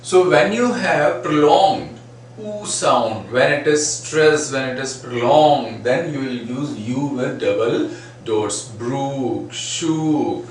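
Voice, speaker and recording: Slow man teaching phonetics. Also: medium pitch. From India. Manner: slow, repeats example words aloud; frequent "right?" and "uh, say" fillers. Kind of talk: phonetics lecture. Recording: echoey room, mic at a distance, faint noise.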